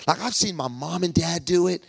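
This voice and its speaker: Preacher, man, fairly high gravelly voice, lively comic storytelling, dry close sound. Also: normal speed, no room sound. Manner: animated, acts out every voice in his stories.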